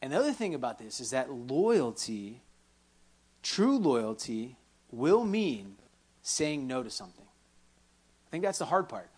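A man preaching a sermon in a church, animated, rising loud on key points and dropping soft when quoting. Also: medium pitch, a little slow, long pauses, husky. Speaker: pastor.

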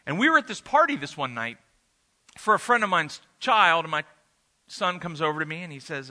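A pastor with a fairly high, sing-song voice and a sharp tone preaches to a congregation in a church room, speaking fairly quickly. He tells a family story in a conversational, anecdotal way, dropping in the occasional "uh."

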